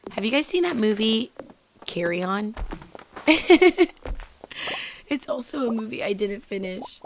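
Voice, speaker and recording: A woman hosting a casual let's play, chatting excitedly and sometimes dropping into whispers as she plays. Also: fairly high pitch, unhurried, a little hiss or hum. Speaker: gaming channel host.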